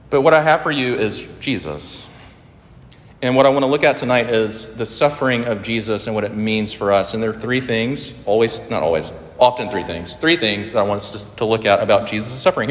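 A male pastor delivers an earnest sermon and prayer in a mid-range voice. He surges up in pitch and loudness whenever he drives a point home. The recording is roomy, with the long reverb of a large hall.

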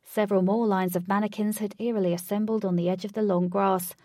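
A woman's voice: mid-range voice, fairly even intonation, fast talker, dark tone, no echo. Woman narrating a storybook, dry and close.

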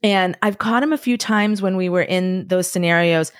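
A woman in her forties talking as a podcast guest, telling candid stories with lively acted-out quotes and casual swearing. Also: lowish voice, normal speed, clean tone, no echo, clean studio sound. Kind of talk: candid conversational storytelling.

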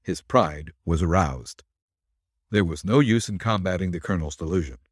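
Husky male storytelling host. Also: low-pitched, normal speed, no echo, clean studio sound. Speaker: podcast host and story reader. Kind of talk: reading a classic story aloud.

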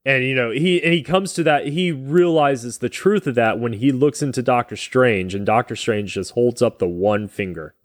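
A man co-hosting a casual podcast about a movie, talking in a rambling, halting way with restarts, sometimes getting emotional. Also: mid-range voice, no room sound, clean studio sound. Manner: gets emotional in places. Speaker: podcast co-host.

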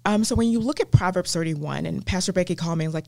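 A woman with a Southern US accent, a guest teaching the Bible in an interview, earnest and animated with many ums and restarts. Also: on the low side, very fast, gravelly, dry recording. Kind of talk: faith podcast interview.

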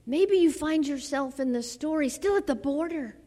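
A woman preaching a sermon to a church. She delivers it dramatically, dropping to soft near-whispers and then rising to fervent exclamations. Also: high voice, animated, moderate pace. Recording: long reverb of a large hall.

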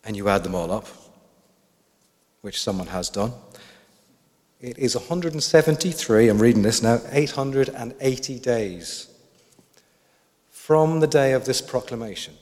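A male preacher delivers a sermon in a reflective, questioning manner, often turning to his congregation with questions. His voice sits at an ordinary middle pitch for a man. It carries a long, ringing reverb from a church hall. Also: lively intonation, a little slow, pauses often, a little mellow.

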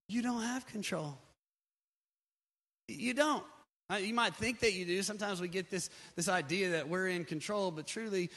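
A male pastor preaching with a high, bright voice. He shifts between soft, talky stretches and loud, drawn-out declarations, leaning hard on key words. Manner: builds from quiet to shouting, dramatic slow emphasis. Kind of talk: sermon.

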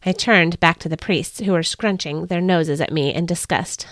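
A woman's voice: on the low side, normal speed, fairly bright tone, dry recording, clean studio sound. A woman hosting a devotional podcast, reading a story aloud with earnest expression.

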